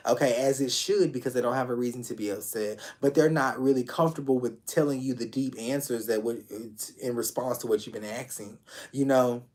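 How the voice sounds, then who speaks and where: A man's voice: mid-range voice, fairly quick, darkish tone. A man reading tarot live for an online audience in a loose, conversational way. He speaks with open affection to his viewers, circles back to repeat his phrases and drops casual curse words. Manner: affectionate, talks straight to viewers. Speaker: tarot reader.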